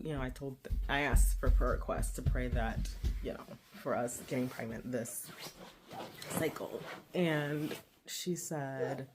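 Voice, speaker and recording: A woman's voice: extremely low pitch, expressive, normal speed, noisy background. A woman in her forties chatting casually in a home vlog, rambling and laughing often. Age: 40s. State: out of breath. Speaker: vlogger.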